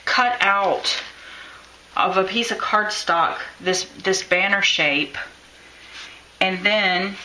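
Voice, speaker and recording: Woman craft teacher, crisp and bright, chatty and encouraging, echoey room. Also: medium pitch, slow pace, long pauses. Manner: chatty, encouraging, thinks aloud while drawing. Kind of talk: live-streamed craft lesson.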